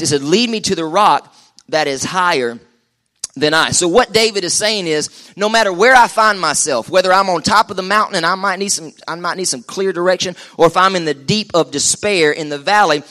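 Male pastor, middle-aged, fairly high, bright and forceful delivery, joking call-and-response sermon in church. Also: moderate pace. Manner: joking, chatty, calls for crowd response. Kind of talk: lively live sermon. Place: church service with live congregation.

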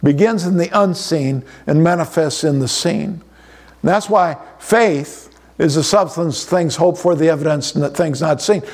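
A man's voice: a little high, moderate pace, a little mellow. A middle-aged man preaching a conversational sermon, often repeating words as he restarts his sentences. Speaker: pastor.

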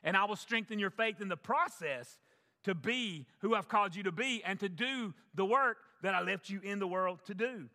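Emphatic high-voiced preacher in reverb. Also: male voice, moderate pace, bright, forceful tone. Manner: emphatic preaching with repeated phrases. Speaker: pastor. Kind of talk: sermon. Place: church sanctuary. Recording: long church reverb.

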